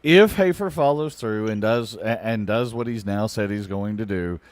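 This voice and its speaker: A man's voice: on the low side, normal speed. A man speaking as a guest in a casual chat, wry and blunt.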